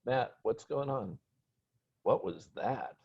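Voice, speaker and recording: A man's voice: mid-range voice, lively intonation, slow pace, slightly rough, voice pushed up, exaggerated voice. A man voicing a curious teenage schoolboy who asks insistent questions. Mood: questioning. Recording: dull lo-fi recording.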